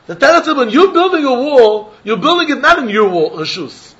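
A man giving an animated Talmud lecture, acting out both sides of a dispute in the first person. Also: very high voice, a little fast, few pauses, muffled recording. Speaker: Talmud teacher.

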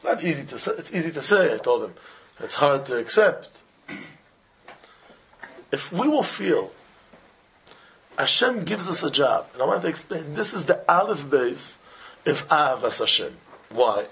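A man teaching an informal religious class, telling animated everyday stories in simple, broken English with Hebrew and Yiddish terms mixed in. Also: on the high side, unhurried, pauses often, a little hiss or hum. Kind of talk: informal Torah talk with stories.

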